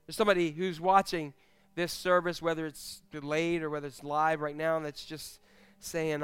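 A man's voice: a little high, level tone, moderate pace, a bit bright, smooth, faint music behind. A male pastor preaching a sermon at a church service, telling stories animatedly and acting out the voices of the people he quotes.

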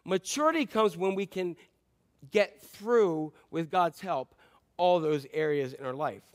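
High-voiced man preaching a sermon. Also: expressive, a little slow. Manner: conversational preaching, repeats key phrases, frequent ums; swings between loud emphatic lines and quiet low asides. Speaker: pastor.

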